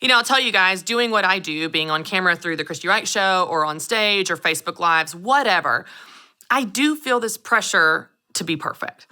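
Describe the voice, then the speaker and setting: A woman's voice: on the low side, animated, moderate pace, pushed and bright. A woman, giving a motivational talk to camera as a show host, telling stories animatedly and addressing the audience directly. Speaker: show host and business coach.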